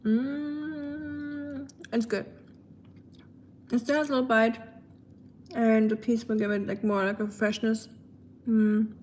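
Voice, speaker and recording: With a fairly high, slightly mellow voice that barely shifts in pitch, a German woman with a German accent speaks slowly and leaves long pauses, with slight background noise behind her. She's cooking in her home kitchen and chatting casually on a livestream from a phone on the counter. Chatty and laughing often, she reads viewers' messages aloud and answers them.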